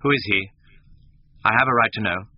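A man voicing a sullen, protective young man who talks in an insistent, husky way. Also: fairly low pitch, moderate pace, no room sound, muffled recording, lightly acted.

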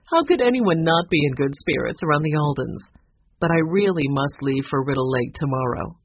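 Casting: narrator playing a gentle, wistful old lady, lively voice, muffled storybook audio. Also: medium pitch, normal speed, slight background noise, close to an everyday voice. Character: older woman, kindly, wistful homeowner.

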